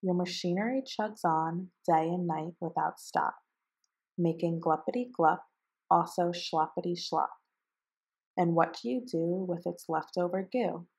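The Lorax, read by a woman, slow and gravelly. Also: fairly low pitch, a little mellow, rough recording. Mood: complaining. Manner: scolding, complaining read-aloud voice. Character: grumpy small forest creature guarding trees.

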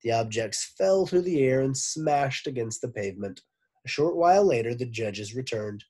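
Man reading a storybook aloud, teacher, lively up-and-down delivery, husky. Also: medium pitch, normal speed. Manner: expressive, animated narration.

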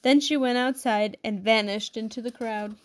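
A woman reading a children's storybook aloud. Her narration is expressive and measured, and her voice sits a little high. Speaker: storybook reader.

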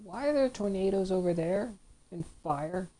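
A woman's voice: medium pitch, animated, normal speed, warm tone. A woman host giving chatty let's-play commentary, reacting to a fighting game and reading its text aloud. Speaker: gaming channel host.

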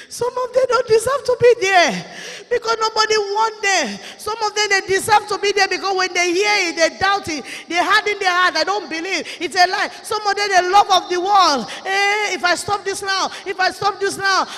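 A woman with a Nigerian accent preaching a fervent testimony sermon, shouting and weeping at its peaks and scolding her listeners. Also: very high-pitched. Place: large conference hall. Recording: echoey hall reverb.

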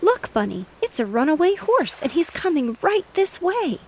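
A woman voicing an excitable little girl. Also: moderate pace, husky. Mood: alarmed. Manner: high and excited.

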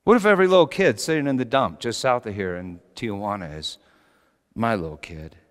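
God as a tender father, voiced by a man, quiet and gentle, soft questioning; long hall reverb. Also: on the low side, expressive, fairly quick, smooth, lightly acted.

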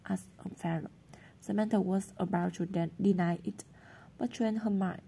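Husky woman reading a story aloud. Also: mid-range voice, fairly even intonation, moderate pace, dark tone. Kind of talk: storybook narration.

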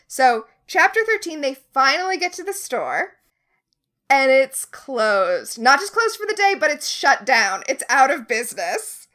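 Brief: high, bright-voiced woman co-host, animated and sarcastic, casual book-club recap. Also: unhurried. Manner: animated retelling, sarcastic asides, swears. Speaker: podcast co-host.

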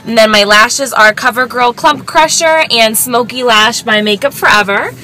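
A woman's voice: a little high, moderate pace, bright, forceful tone. A young American woman with a slight East Coast accent, chatting casually to camera as a beauty vlogger, rambling with lots of fillers. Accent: American, slight East Coast trace. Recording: noisy background with traffic.

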